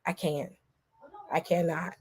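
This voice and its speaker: A woman vlogger with a fairly low, darkish voice talks slowly and fairly evenly over a faint hiss or hum. Giving casual commentary straight to her viewers, she is emphatic, repeats herself, and keeps restarting.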